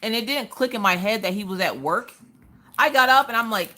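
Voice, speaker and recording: A woman's voice: fairly high pitch, sing-song, a little slow, pushed and bright. A woman chatting casually to viewers during a home livestream, telling stories and acting out quotes. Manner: chatty storytelling, acts out quotes, talks to chat. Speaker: livestream crafting host.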